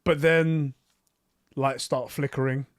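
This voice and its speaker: A man co-hosting a podcast, talking in an animated, casual way with lots of restarts and the odd swear. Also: medium pitch, slow pace, dry recording, studio quality. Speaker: podcast co-host. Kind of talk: casual chat.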